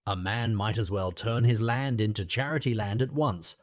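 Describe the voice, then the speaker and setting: A man's voice: fairly low pitch, normal speed, no room sound, studio quality, lightly acted. A man reading the part of a blunt, grumbling older countryman in an audiobook. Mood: grudging.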